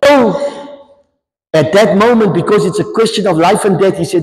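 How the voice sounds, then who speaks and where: A man preaching a storytelling sermon, animated and repeating his key lines for emphasis. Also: high voice, moderate pace. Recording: long hall reverb.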